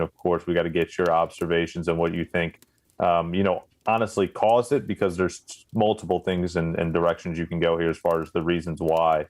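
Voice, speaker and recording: A man hosting a sports podcast, talking loosely and conversationally as he sets up the discussion. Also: deep voice. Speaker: podcast host.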